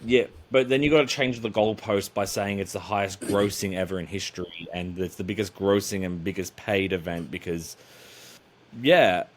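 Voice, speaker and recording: A man's voice: deep voice, moderate pace. A man, a podcast guest who rambles and makes sarcastic jokes in casual chat.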